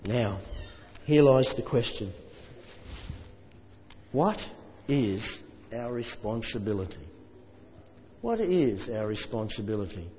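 A man preaching a sermon, chatting to the congregation with asides and reading scripture aloud, slowing down for emphasis. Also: medium pitch, sing-song, slight background noise. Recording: dull sound with long reverb in a hall.

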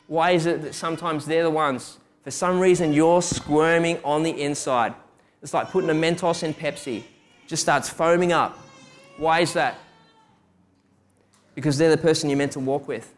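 A young man delivers a sermon, moving between personal stories and a string of rhetorical questions. His voice sits a little higher than most men's. He speaks with a personal, testimony-like directness. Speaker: preacher giving a testimony.

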